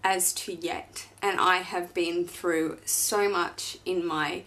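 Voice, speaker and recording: Slow-talking woman vlogger. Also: on the low side, fairly even intonation, a bit bright. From Australia. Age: 30s. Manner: gushing, chatty, emotional. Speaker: fashion vlogger. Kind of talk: unboxing and personal announcement.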